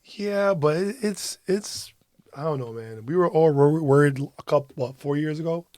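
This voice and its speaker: A man's voice: fairly high pitch, normal speed, no echo. A man co-hosting a podcast, chatting casually, swearing freely and laughing often. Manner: profane, laughs often, animated storyteller. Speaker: podcast co-host. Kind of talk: casual chat.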